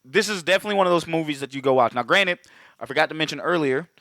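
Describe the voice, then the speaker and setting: Bright-voiced man recapping a movie. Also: a little high, very fast, dry recording. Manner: profane, animated, acts out movie quotes. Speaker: podcast co-host. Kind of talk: casual film recap chat.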